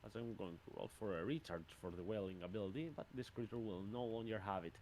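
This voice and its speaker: A man narrating as game master, pausing often with fillers. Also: on the low side, a little mellow, a little hiss or hum. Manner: hesitant, many fillers.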